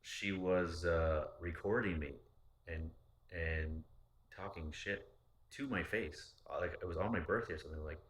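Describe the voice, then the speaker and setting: A man's voice: low-pitched, a little slow, slight background noise. A man casually telling a personal story in a candid, rambling, profane way. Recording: roomy echo.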